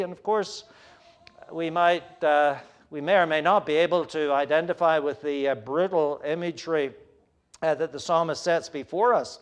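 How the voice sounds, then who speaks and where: A man preaching a sermon in an earnest, searching way, often pausing and hesitating. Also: on the high side, fairly even intonation.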